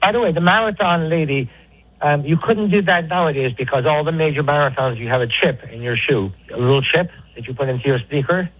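A man's voice: on the high side, brisk, breathy edge, no echo. A man calling in as a regular to a sports radio show, chatting in an offhand, rambling way over a phone line. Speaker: regular caller. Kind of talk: casual call-in banter.

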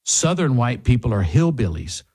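A man's voice: medium pitch, big pitch swings, normal speed, darkish tone, slightly rough. A man hosting a talk radio show, delivering a combative monologue full of rhetorical questions, and reading a sponsor ad.

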